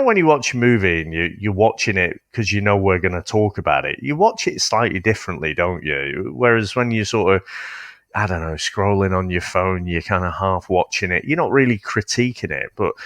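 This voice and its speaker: A man's voice: deep voice, a bit bright, no echo, studio quality. A man co-hosting a podcast, chatting reflectively about a film, with hesitant restarts and some swearing. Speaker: podcast co-host. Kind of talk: casual film-review chat.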